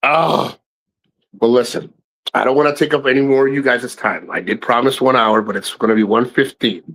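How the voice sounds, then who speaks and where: A middle-aged man hosting a live stream, telling profane family stories to his chat in a casual, animated way, his voice jumping high when he quotes people. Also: moderate pace, poor audio. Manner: animated, swearing, voice jumps high for quoted lines.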